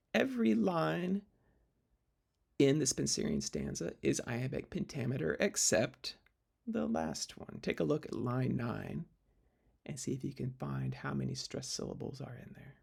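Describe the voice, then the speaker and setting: A man's voice: mid-range voice, gravelly, slightly rough. A man teaching literature in a recorded lecture video, explaining step by step with fillers and restarts.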